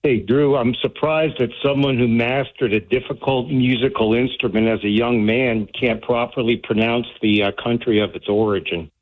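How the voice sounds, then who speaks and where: A man's voice: medium pitch, fairly even intonation, normal speed, hardly any pauses. A man calling in to a radio show to tease the host. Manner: teasing. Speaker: caller. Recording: tinny phone line.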